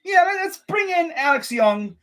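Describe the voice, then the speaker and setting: A man's voice: very high-pitched, normal speed. A young man vlogging as a sports fan, ranting casually and swearing a lot. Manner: animated, ranting, swears and says bruh a lot.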